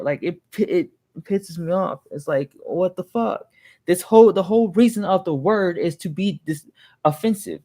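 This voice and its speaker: A young man venting in a casual, rambling monologue, heated and swearing freely, often restarting his sentences. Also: on the high side. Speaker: vlogger.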